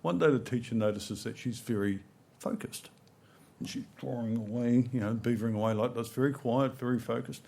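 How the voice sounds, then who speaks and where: Middle-aged New man at a conference, easygoing storyteller, mid-pitched voice. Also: brisk, gravelly, dark tone. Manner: conversational, anecdotal, frequent "right?" and "you know". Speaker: conference speaker. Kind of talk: conference presentation. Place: conference hall.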